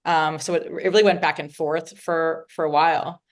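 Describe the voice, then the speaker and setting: A woman's voice: deep voice, fairly even intonation, moderate pace. A woman interview guest speaking reflectively and openly about her feelings in conversation. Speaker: guest, nonprofit CEO.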